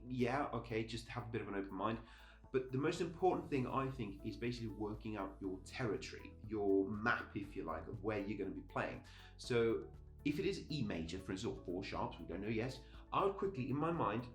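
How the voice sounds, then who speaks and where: A middle-aged male music teacher talks through a lesson in a chatty, upbeat manner, breaking off mid-thought and restarting. His voice sits at an ordinary pitch and carries noticeable room echo. Faint music plays underneath. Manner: chatty, upbeat, self-interrupting. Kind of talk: casual video lesson.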